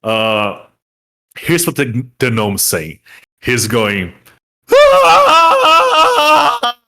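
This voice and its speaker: A man's voice: on the low side, expressive, slow pace, a bit bright. A young man running a tabletop game as dungeon master, describing scenes in a rambling way full of fillers.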